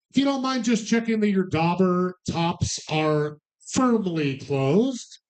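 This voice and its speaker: A man's voice: sits high, darkish tone. A man hosting bingo night at a bar, calling numbers and joking with the crowd in a sarcastic, loose, profane way. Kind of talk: casual live hosting with banter. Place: bar, live event.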